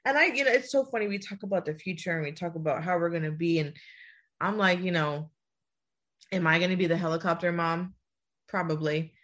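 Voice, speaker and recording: A woman's voice: fairly low pitch, brisk, fairly bright tone. A young mother chatting casually, laughing often and acting out what others said. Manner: emotional, laughs often, acts out quotes. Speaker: podcast co-host, mother of a baby son. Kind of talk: casual chat.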